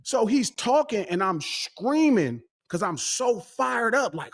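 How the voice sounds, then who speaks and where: A man's voice: extremely high pitch, slow, hardly any pauses. A man, telling a story as a guest in a casual chat and acting out the dialogue. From West Coast US. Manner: animated, excitable storytelling, acting out quoted dialogue. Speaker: podcast guest.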